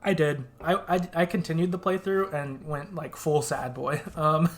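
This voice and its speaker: A man's voice: a little high, moderate pace. Guy on a podcast telling a game story, laughs a lot, does the lines in little voices. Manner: relaxed and chatty, acts out quoted lines, laughs often. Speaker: podcast co-host. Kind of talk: casual chat recapping a game playthrough.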